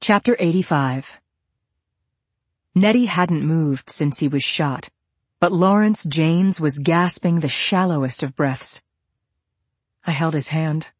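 A woman narrating a thriller audiobook in the first person. Her reading is steady and measured, her voice husky and a little low. The recording is dry and close. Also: no room sound.

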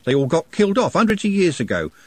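A man doing a gruff, no-nonsense butler, blunt and matter-of-fact, voice husky and raised. Recorded close and dry. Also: fairly high pitch, big pitch swings, fast talker, darkish tone, no echo, voice pushed up.

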